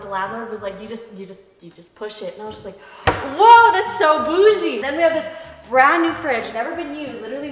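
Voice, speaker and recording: Excitable teen girl in echoey empty house. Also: on the high side. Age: teens. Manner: excitable, chatty, lots of "like". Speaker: vlogger. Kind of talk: casual house tour vlog. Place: large empty house, indoors. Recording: echoey empty rooms, background noise.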